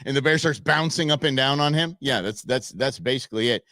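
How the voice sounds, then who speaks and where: A man's voice: medium pitch, quick pace, few pauses, sharp tone, dry recording. A man from the United States hosting a show, chatting casually over viral videos with a rambling, chuckling manner and many fillers. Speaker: show host.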